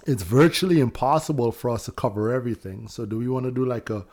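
A man's voice: medium pitch, fast talker, few pauses, darkish tone. A young man from Toronto hosting a casual podcast, loose and slangy, laughing as he talks. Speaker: podcast host.

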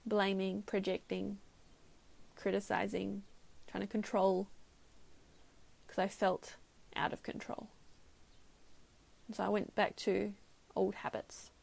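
A woman's voice: medium pitch, flat delivery, takes it slowly, creaky, long pauses, a little mellow. A woman hosting a podcast, telling a personal story candidly and reflectively, sometimes laughing at herself. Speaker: podcast host.

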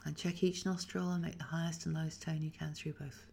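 Woman voice coach, low-ish gravelly husky voice, calm step by step instructions. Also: a little fast. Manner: calm, instructive, demonstrates sounds. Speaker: voice teacher. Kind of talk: guided voice exercise.

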